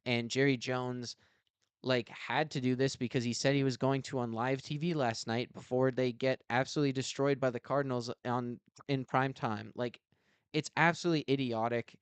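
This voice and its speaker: A man's voice: medium pitch, steady tone, normal speed, smooth, no echo. A man co-hosting a sports podcast, ranting in exasperation about a team owner in casual talk. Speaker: podcast co-host.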